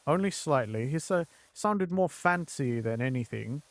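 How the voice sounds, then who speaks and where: A man's voice: a little high, expressive, measured pace, no echo. A man streaming a game, chatting casually and rambling with lots of fillers, slipping now and then into mock accents. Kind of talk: casual chat while gaming.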